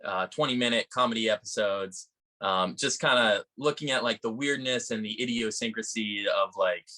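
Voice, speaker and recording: A man from Salem, Massachusetts, an actor and writer, answering interview questions in a halting, thoughtful way with many pauses and restarts. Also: lowish voice, sharp tone. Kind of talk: casual interview chat.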